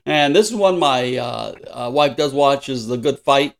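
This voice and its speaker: Lively older man laughing through a podcast. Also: mid-range voice, unhurried, vocal fry. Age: 60s. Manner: laughs often, acts out voices in anecdotes. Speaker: podcast co-host. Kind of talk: casual podcast chat.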